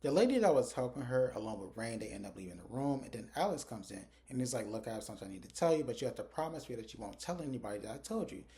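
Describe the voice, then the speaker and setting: A man's voice: mid-range voice, lively intonation, dark tone. A man giving a casual recap of a TV episode, recorded on his phone, quoting the characters' lines as he goes. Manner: retells scenes, acting out characters' lines in quick quotes. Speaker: TV episode reviewer. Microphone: phone camera.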